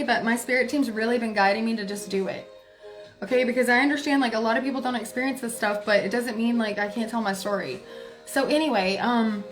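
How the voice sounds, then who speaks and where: Woman spiritual reader, higher voice, loose chatty storyteller. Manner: chatty, many filler words, soft laughs. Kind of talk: casual storytelling to viewers.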